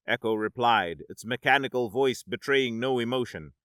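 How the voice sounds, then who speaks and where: A man narrating a science-fiction story in a dramatic, measured audiobook style. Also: mid-range voice, fairly bright tone, dry recording, studio quality.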